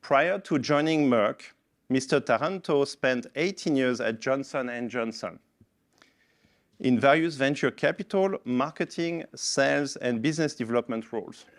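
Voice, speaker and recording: A man's voice: mid-range voice, normal speed. A man with a French accent reading a speaker's bio as a conference moderator, stumbling a few times. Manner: reads a bio, stumbling over words. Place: conference stage.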